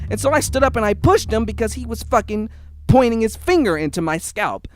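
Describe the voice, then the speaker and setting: A man's voice: high voice, a little fast. A young man telling a personal story in a casual, heated and profane way. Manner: heated, profane, animated retelling.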